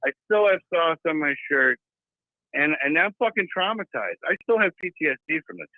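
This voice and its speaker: Man, profane animated storyteller on a call, fairly high voice, dry tinny line. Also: fairly quick, no echo. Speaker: guest. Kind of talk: casual storytelling.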